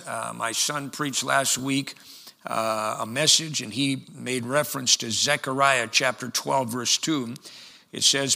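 An older man, a pastor, preaching a sermon slowly, with many pauses and fillers, reading scripture forcefully. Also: medium pitch, vocal fry, in a large hall.

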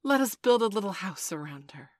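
A woman's voice: medium pitch, sing-song, a little fast, darkish tone, no room sound, clean studio sound, voice pushed up, natural voice. A woman voicing a boastful young boy leader who barks eager orders in a storybook reading. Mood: commanding.

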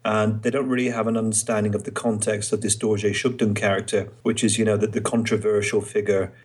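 A man's voice: fairly low pitch, little pitch movement, a little fast. A man hosting a podcast in casual chat, explaining things with examples. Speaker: podcast host. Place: Trieste, Italy.

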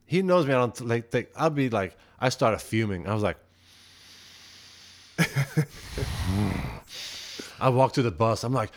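A man from Belgium, a musician guest on a podcast, telling stories in an animated, profane, casual way. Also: mid-range voice, a little fast, few pauses. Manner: animated, profane, heated when retelling. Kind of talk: casual storytelling chat.

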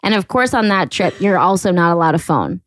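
A woman's voice: lowish voice, fairly quick, no room sound. Laughing, foul-mouthed woman podcast host. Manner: animated, laughs often, swears freely. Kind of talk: casual storytelling chat.

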